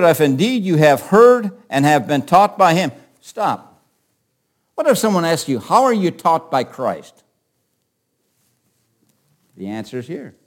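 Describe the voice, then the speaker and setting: Guy preaching, reads bible verses then breaks them down, pitch jumps all over, kinda high voice. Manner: animated, reads scripture then explains it. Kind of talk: sermon.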